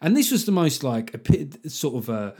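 A man hosting a solo comedy podcast, riffing in a chatty, sardonic way with puns and quick mock voices. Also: on the high side, sing-song, warm tone, husky.

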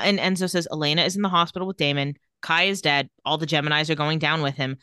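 A woman with a bright, sharp voice and a slightly low pitch, recording close to a dry mic with no room sound. She co-hosts a casual recap chat, retelling scenes quickly and reading out the characters' dialogue in an even voice. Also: clean tone, dry recording. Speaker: podcast co-host.

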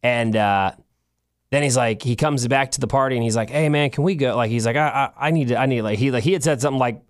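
Correcting himself as he goes, a podcast co-host tells a long, rambling story in a casual way. He speaks quickly at a medium pitch.

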